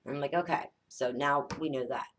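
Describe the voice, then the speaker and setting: Low-voiced mom in her 30s, casual storytelling, swears a lot, acts out every line. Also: fairly quick. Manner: animated, swears often, acts out dialogue. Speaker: psychic vlogger, mother.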